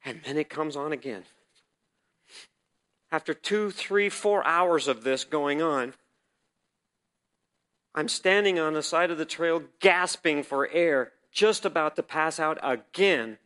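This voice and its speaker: A man preaching a personal testimony as a sermon, telling the story vividly and swinging between loud and hushed delivery. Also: fairly high pitch, slow, long pauses.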